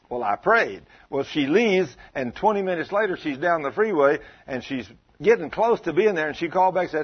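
A man's voice: a little high, expressive, normal speed, few pauses, slightly rough. A man preaching a sermon, telling stories emphatically in a folksy way. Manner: emphatic storytelling, folksy speech. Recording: dull lo-fi sound.

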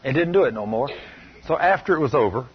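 A man preaching a sermon, telling personal stories in a stern, emphatic way, often dropping to a low, soft tone. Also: lively intonation, fast talker, lo-fi sound. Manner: stern, emphatic storytelling, shifting loud and soft.

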